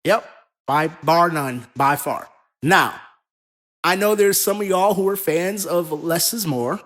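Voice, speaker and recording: A man co-hosting a casual podcast, talking in an animated, profane, rambling way. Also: a little high, slow. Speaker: co-host.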